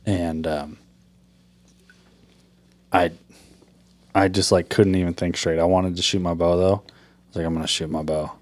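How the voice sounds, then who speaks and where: Low-voiced man, candid and earnest. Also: little pitch movement, a little slow, pauses often, darkish tone. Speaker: podcast co-host. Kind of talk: casual chat.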